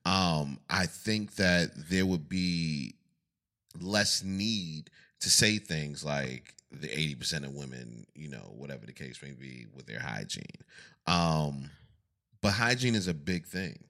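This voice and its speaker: A man's voice: very deep voice, lively intonation, slow pace, vocal fry, bright, forceful tone. A man co-hosting a podcast, casual chat with blunt, teasing questions. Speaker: podcast co-host.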